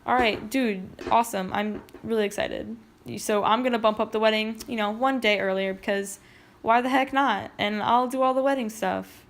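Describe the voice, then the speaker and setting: A man's voice: high-pitched, steady tone, normal speed, a bit bright, slight background noise. A woman voicing an overexcited middle-aged father who gushes in slang. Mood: overjoyed. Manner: gushing, slangy.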